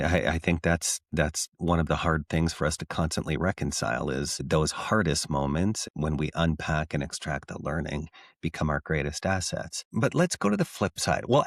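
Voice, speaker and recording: A man hosting a podcast, talking in a measured, thoughtful way and setting ideas against their opposites. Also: extremely low pitch, no room sound, studio quality. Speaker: podcast host. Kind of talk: conversational podcast interview.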